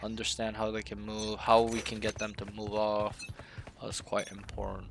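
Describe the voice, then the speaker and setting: A man's voice: fairly low pitch, completely flat delivery, moderate pace, gravelly, noisy background. A man coaching a teammate over voice chat, laid-back and casual, often calling him bro.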